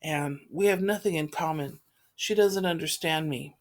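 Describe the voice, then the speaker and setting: A woman's voice: low-pitched, moderate pace, natural voice. Brief: woman reader voicing a remorseful, anxious teen girl; pleading, self-critical.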